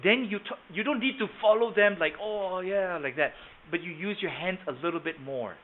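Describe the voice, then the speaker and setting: A man leads a live sales training webinar over a video call, his high voice lively and a little fast, with slight background noise and tinny, phone-like audio. He talks conversationally, quizzing the class and repeating words.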